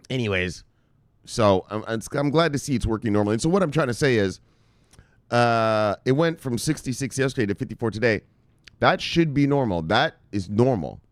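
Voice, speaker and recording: A man hosting a casual crypto market news show, excitable and profane, laughing as he talks. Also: medium pitch, no echo.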